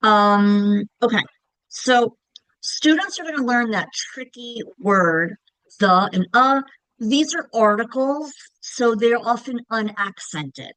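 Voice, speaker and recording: A middle-aged woman with a Long Island accent and a fairly high, somewhat bright voice teaches about reading in an instructional presentation. The recording is rough, without echo. She explains things and repeatedly checks in with listeners using "right?"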